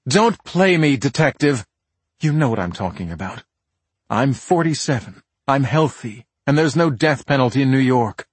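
A man's voice: mid-range voice, husky, no room sound, voice pushed up. A man playing a cold cornered doctor. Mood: defiant. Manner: calm, measured, defiant. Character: cornered male doctor in his forties, cold and calculating.

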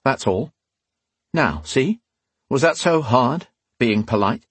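A man's voice: medium pitch, expressive, slow pace, husky, dry recording, pitched above the performer's own voice. A man playing a smug, cocky young nobleman messenger in a fantasy audiobook, teasing and mock-polite.

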